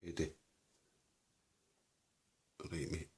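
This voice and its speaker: In a home video, a vlogger looking after a rescued seagull chats casually with the bird, fondly calling it mate and buddy. He speaks slowly with a darkish tone.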